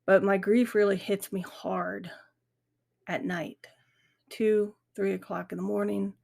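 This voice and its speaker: A woman's voice: medium pitch, level tone, slow, creaky, a little mellow. A middle-aged woman hosting a grief podcast, talking candidly and earnestly in a reflective monologue. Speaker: podcast host. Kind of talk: casual monologue.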